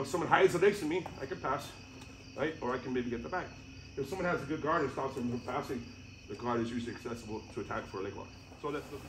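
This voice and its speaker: Guy coaching jiu-jitsu on the mat, chatty and laughy, lots of background noise. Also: medium pitch. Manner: casual, laughs often, animated storytelling. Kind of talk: mat-side technique teaching. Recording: noisy gym audio.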